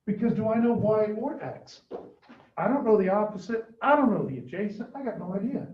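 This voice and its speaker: High-voiced man teaching in an echoey classroom. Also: animated, a little fast. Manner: questioning, coaxing students for answers. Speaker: math teacher. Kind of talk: classroom lesson. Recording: echoey, distant, dull classroom recording.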